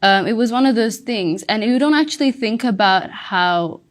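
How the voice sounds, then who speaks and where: A woman's voice: a little high, lively intonation, normal speed. A woman from Sri Lanka answering a speaking test question, fluent and opinionated. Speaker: test candidate. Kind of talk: spoken exam answer.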